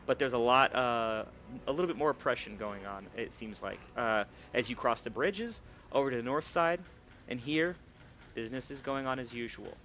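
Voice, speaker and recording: A man's voice: mid-range voice, moderate pace, fairly bright tone, highs cut off, slight background noise. A man narrating as game master of a tabletop game, rambling with fillers and restarts.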